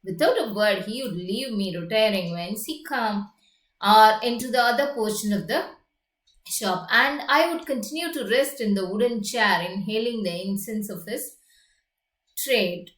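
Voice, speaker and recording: A woman teacher who explains a story slowly and keeps checking in with her students. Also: mid-range voice, fairly bright tone. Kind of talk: classroom lesson. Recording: echoey room.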